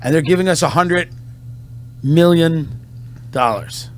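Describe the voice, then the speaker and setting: Male comedian with a slightly high voice, slow deadpan delivery, mock-solemn patriotic speech, a faint hum behind him. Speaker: comedian and podcast host. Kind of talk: satirical mock-patriotic monologue.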